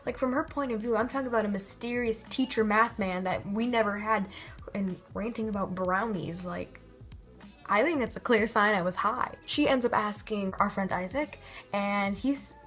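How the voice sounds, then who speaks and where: A young woman tells stories in a casual vlog, rambling and stopping herself to act out what people said. Her voice sits in an ordinary middle pitch. Faint music plays behind her. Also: normal speed, fairly bright tone. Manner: rambling, self-interrupting, acts out quotes. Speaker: vlogger.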